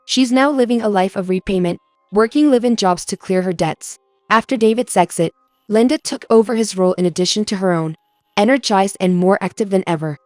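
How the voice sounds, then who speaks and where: A woman narrating a scripted first-person story in an even storytelling manner. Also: medium pitch, brisk, no echo, studio quality, faint music behind.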